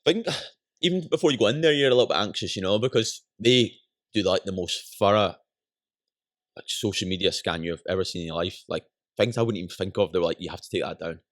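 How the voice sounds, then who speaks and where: A young Scottish man chatting casually as a podcast guest, rambling quickly and often asking "you know what I mean". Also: lowish voice, no echo, clean studio sound. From Scotland. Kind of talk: casual chat.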